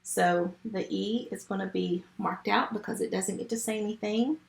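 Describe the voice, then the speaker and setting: A woman's voice: mid-range voice, steady tone, gravelly, reverberant. A woman teaching a first grade phonics lesson remotely, patient and step by step. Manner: slow, patient, step-by-step teaching to young children.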